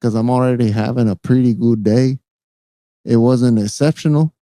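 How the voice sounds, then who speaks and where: A man's voice: mid-range voice, normal speed, dark tone, no echo. A man, bantering crudely as a comedy podcast co-host. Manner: crude joking with put-on voices.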